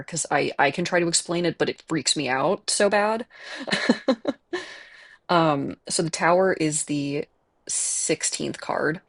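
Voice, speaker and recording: A game streamer from the Midwest United States with a Chicago accent speaks in a mid-range voice with vocal fry. Chatting casually during a live stream while gaming, he rambles with many fillers and self-aware laughs. He uses earbuds with a desk mic setup.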